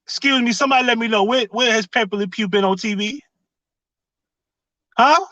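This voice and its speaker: Man, high-pitched, bright, casual livestream commentary, sarcastic rhetorical questions. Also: moderate pace, dry recording, highs cut off. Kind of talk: casual live-stream commentary.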